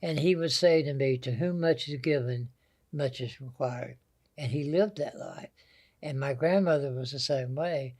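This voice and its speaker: An older man with a Southern American accent tells folksy family stories as a guest in a storytelling interview. His voice has medium pitch, a darkish tone, and normal speed, and he is an anecdotal storyteller.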